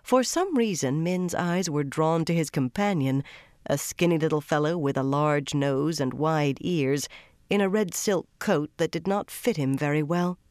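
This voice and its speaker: An audiobook narrator reading fantasy prose in a steady, even storytelling voice. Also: medium pitch, unhurried, no echo, studio quality.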